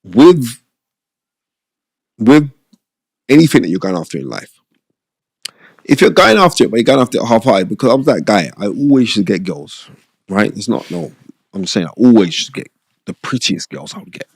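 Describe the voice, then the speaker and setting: A middle-aged man, a podcast guest, telling stories in an animated, rambling, streetwise way with a lot of repetition. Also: mid-range voice, normal speed, creaky, pauses often, husky, dry recording, clean studio sound. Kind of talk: casual storytelling interview. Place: podcast studio.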